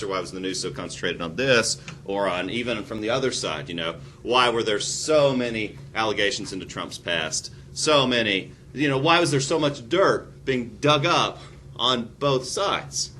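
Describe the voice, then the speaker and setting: A man teaching a recorded history lesson, animated and prone to sarcastic asides. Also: on the low side, normal speed, slight background noise.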